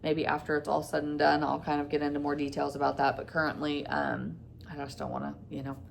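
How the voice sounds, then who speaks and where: Woman vlogger, low gravelly voice, chatty storytime, faint hiss behind. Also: completely flat delivery, quick pace. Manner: rambling, retelling dialogue with many fillers. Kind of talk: casual storytime.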